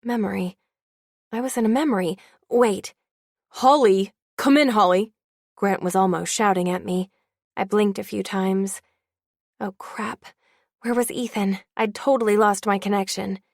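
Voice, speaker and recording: A woman's voice: mid-range voice, fairly even intonation, normal speed, gravelly, a little mellow, no room sound, clean studio sound. A young adult woman narrating a first-person audiobook in a wry, confiding way.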